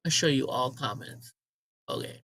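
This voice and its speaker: Man, livestream host, casual rant, profane, mocking, very bright voice. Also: medium pitch, moderate pace, rough recording. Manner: profane, mocking, talks to the chat.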